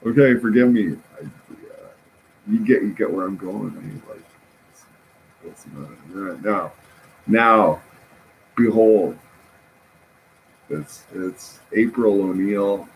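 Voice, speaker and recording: Low, slow, rambling man. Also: vocal fry, slight background noise, low-quality recording. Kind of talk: rambling casual monologue.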